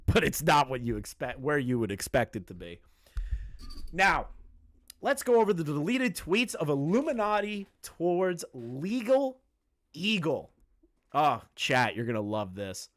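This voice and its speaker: A man's voice: a little high, a bit bright. A man hosting a casual commentary video, ranting to his chat in a profane, sarcastic and exasperated way.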